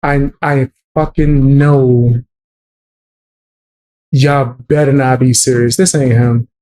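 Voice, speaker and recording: A man's voice: medium pitch, steady tone, takes it slowly, dark tone. A man reacting to music clips on a stream, blunt and mocking, swearing often. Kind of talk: casual reaction stream commentary.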